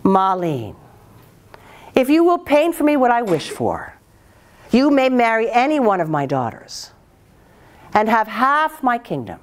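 A woman's voice: a little high, wildly swooping pitch, a little slow, pauses often. A woman voicing a greedy, demanding male emperor in a spoken folktale, commanding at times and eagerly pleading at others. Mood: coaxing. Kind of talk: storytelling.

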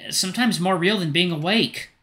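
Brief: kind dog doctor, read by a man, earnest and apologetic, lifted bright voice. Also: high-pitched, normal speed, voice pushed up. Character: gentle caring male dog doctor.

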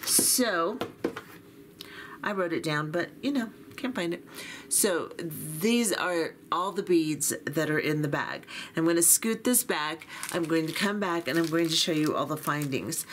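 Unhurried and deep-voiced, this beading-channel host walks through an unboxing in casual chat, filling it with ums and jokes at her own expense. A faint hiss or hum sits under the recording.

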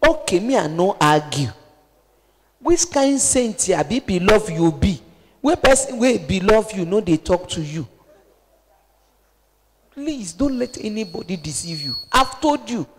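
A woman's voice: medium pitch, sing-song, unhurried, pauses often, slight background noise. Impassioned Nigerian woman preaching in a reverberant hall. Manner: impassioned, pleading, swings from loud exhortation to hushed appeals. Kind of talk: sermon.

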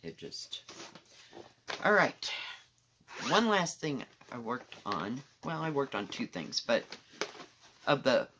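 A woman with a bright, forward voice talks through her cross-stitch projects in a loose, candid ramble, sometimes dropping to a soft mutter. She is recorded at home, with a faint hiss underneath. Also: extremely low pitch, big pitch swings, slow pace, long pauses. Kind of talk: casual show-and-tell chat.

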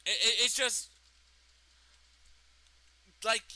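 A man's voice: extremely high pitch, fairly even intonation, drawn-out words, pushed and bright, poor audio. A young man in a vlog, indignantly retelling a personal story and swearing freely. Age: young adult. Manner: indignant, profane retelling of events. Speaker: vlogger.

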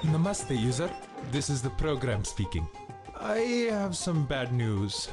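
A man's voice: medium pitch, sing-song, slow pace. An actor playing a snippy, dramatic male computer program. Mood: announcing. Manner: haughty, dramatic. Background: game music.

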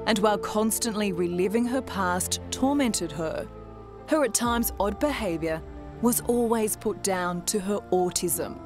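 A woman's voice: medium pitch, unhurried. A woman reporter with an Australian accent reading a scripted television news narration. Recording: narration over loud music.

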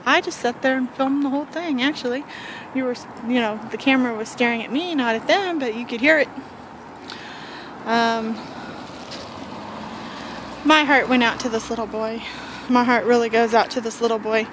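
A woman's voice: fairly high pitch, moderate pace, long pauses, noisy background. A woman vlogging on her porch, telling a story in a chatty, rambling way with fillers and sighs. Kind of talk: casual storytelling vlog. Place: home porch, outdoors.

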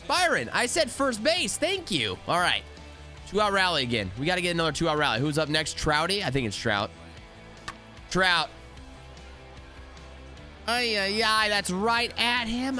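A young man giving excited live commentary while playing a baseball video game, talking to his players on screen. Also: high voice, measured pace, soft background music. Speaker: gaming YouTuber.

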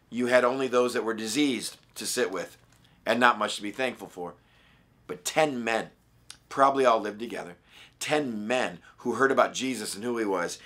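A pastor with a raspy voice talks through a short devotional in an earnest, conversational way. His tone is bright and forward. He reads scripture with emphasis. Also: mid-range voice. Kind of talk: daily devotional Bible study.

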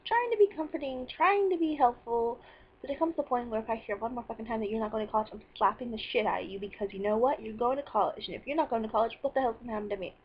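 A woman's voice: a little high, rapid-fire, few pauses, breathy edge, highs cut off. A teenage girl venting about her day in a rambling, sarcastic personal vlog. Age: teens. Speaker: vlogger.

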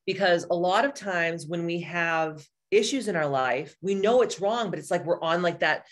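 A woman's voice: lowish voice, normal speed. A woman in her forties, a spiritual coach, talking casually to live-stream viewers in a blunt, profane and candid way. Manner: animated, answers viewers by name.

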